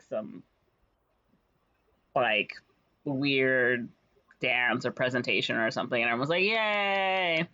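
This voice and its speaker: A woman casually retelling a story's plot in a rambling way, full of fillers and quick quoted voices. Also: rumbling low, bright, forceful tone. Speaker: podcast co-host retelling a musical's plot. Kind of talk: casual chat. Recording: slightly dull lo-fi audio.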